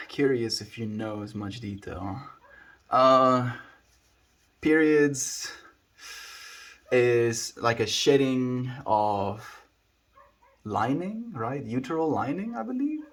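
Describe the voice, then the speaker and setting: A young man from South Africa with a South African accent, chatting casually on a live stream as he answers viewer comments in a rambling, relaxed way. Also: medium pitch, slow pace, long pauses. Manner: laid-back, rambling, frequent likes and restarts.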